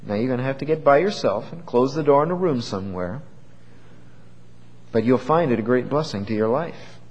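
A man preaching a sermon in an earnest, measured way, asking his listeners questions. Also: mid-range voice, lively intonation, a little mellow, dull audio. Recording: long hall reverb.

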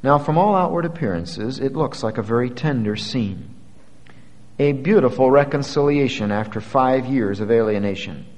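A male preacher delivers a sermon, his voice ringing with a long hall reverb. He moves from hushed, low passages to loud, high-pitched peaks when quoting scripture. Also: expressive, moderate pace.

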